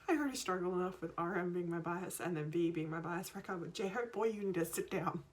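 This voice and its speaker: A woman filming a casual reaction video, gushing and excitable, often joking at her own expense. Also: fairly low pitch, fairly quick. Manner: gushing, excitable, self-mocking. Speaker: YouTube reactor. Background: faint music from the video she is watching.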